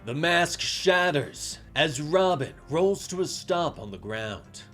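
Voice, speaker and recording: A male storyteller reads a comic story with dramatic, animated flair, his voice fairly high and swinging widely in pitch. Soft music plays behind him. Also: unhurried, few pauses. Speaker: narrator. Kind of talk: scripted comic story narration. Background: faint music.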